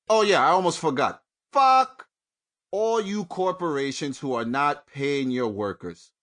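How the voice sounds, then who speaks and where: A man hosting his own show from home, ranting angrily and with heavy profanity, jumping between loud outbursts and low mutters. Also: slow, long pauses. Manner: angry, profane, swings from shouting to mutters. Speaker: podcast host. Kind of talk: profane solo rant.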